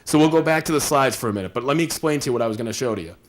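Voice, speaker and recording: Lively man giving a workshop talk. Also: medium pitch, rapid-fire. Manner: animated and conversational, acts out little scenes. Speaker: workshop presenter.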